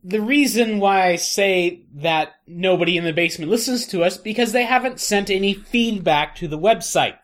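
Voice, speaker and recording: A woman co-hosting a podcast, speaking at a mid pitch for a woman. Her manner is dry. She keeps trying to get a word in during casual banter. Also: moderate pace, few pauses. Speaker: podcast co-host.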